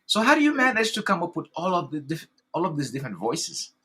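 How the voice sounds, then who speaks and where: A man's voice: fairly high pitch, huge pitch swings, fast, pushed and bright, slightly rough. A man hosting an interview, effusive and enthusiastic, rambling with many fillers as he praises his guest. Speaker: podcast host. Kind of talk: casual interview chat.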